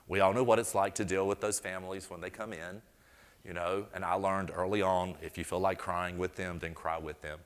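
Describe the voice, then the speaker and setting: A man's voice: low voice, long reverb tail. A man from North Carolina with a Southern accent, presenting a floral design demonstration in a chatty, storytelling way with folksy asides. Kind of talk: live demonstration talk. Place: event hall before an audience.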